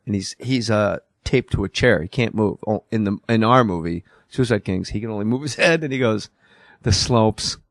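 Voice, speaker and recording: A man hosting a comedy podcast in a studio. He chats casually, bossy and quick to swear, and tells stories. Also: on the low side, no echo. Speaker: podcast host.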